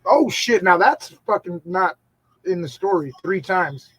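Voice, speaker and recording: A man's voice: sits high, lively intonation, measured pace, a bit bright, slightly rough, no room sound, poor audio. A man in a casual chat, joking and swearing a lot.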